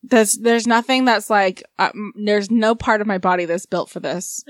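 A woman in her thirties, pregnant and worn out, chats as a podcast co-host. She tells stories bluntly and with exasperation, at an ordinary pitch. The recording is dry with no room sound. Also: normal speed, no room sound. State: pregnant and tired. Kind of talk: casual chat.

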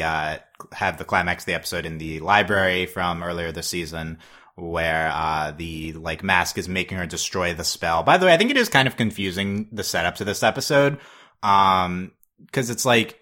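A man's voice: low-pitched, sharp tone. A man hosting a casual podcast chat, rambling with lots of fillers and small chuckles. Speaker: podcast host.

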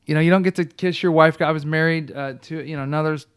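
Speaking quickly in a clear, resonant, slightly high voice, a man gives his personal testimony during a casual talk. He's a lively storyteller who keeps restarting his sentences and laughs as he goes.

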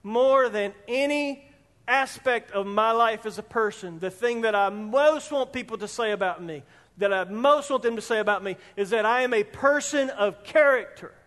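A man preaching a sermon as pastor of a church, speaking emphatically and rising at times almost to a shout. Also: sits high, moderate pace. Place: church sanctuary. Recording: long reverb in a hall.

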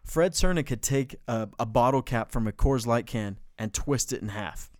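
Man, middle-aged, from New Mexico, animated storyteller, swears, dead-dry recording. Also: normal speed, dry recording. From Bloomfield, New Mexico. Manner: animated storyteller, swears, gets loud and high when excited. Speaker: podcast co-host. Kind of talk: casual storytelling chat.

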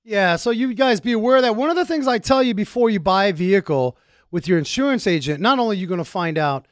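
A man co-hosting a car talk radio show, teasing callers and explaining car safety in an animated way. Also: high voice, fast, dry recording, clean studio sound. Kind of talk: casual radio chat.

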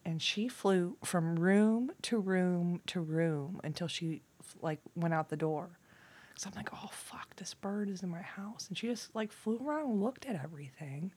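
A woman talking casually and at length, profane and rambling, dropping from loud bursts to near-whispers. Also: on the low side, slightly rough. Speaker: vlogger.

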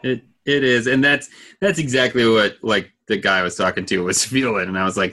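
A man's voice: lowish voice, steady tone, brisk, pushed and bright. A man hosting a podcast, chatting in an easygoing, reassuring way and reading out listener messages. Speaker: podcast host. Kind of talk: casual chat.

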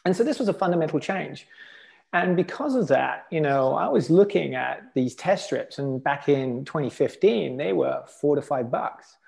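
A man's voice: fairly high pitch, expressive, moderate pace, gravelly, a little mellow. A middle-aged man from the United Kingdom, a podcast guest, telling his story casually and animatedly, with many fillers and acted-out quotes.

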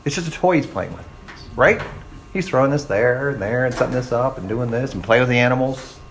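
A man's voice: mid-range voice, fairly quick, a little hiss or hum. A man preaching a sermon in a conversational way, often checking in with listeners and acting out the voices of the people he quotes. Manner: checks in with "right?" and "okay?". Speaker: pastor.

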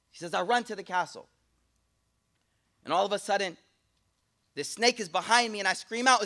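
A man with a high-pitched voice delivers a storytelling sermon. He acts out a dream story, swinging from loud, excited lines to hushed ones. His talk is casual, with bits of slang. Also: moderate pace, pauses often. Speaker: speaker, Islamic teacher.

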